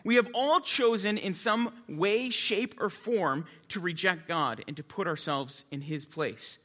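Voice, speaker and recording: A male pastor preaching a sermon, lively and jokey in his asides, quiet and reverent when he prays. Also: high-pitched, unhurried. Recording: long reverb of a large hall.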